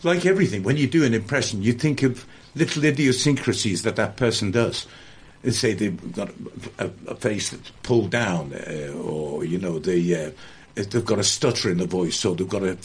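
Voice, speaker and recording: A man's voice: on the low side, husky. An older man, a guest entertainer and impressionist, reminiscing in a conversational interview with a rambling, anecdotal way of talking. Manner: rambling, anecdotal, with frequent restarts.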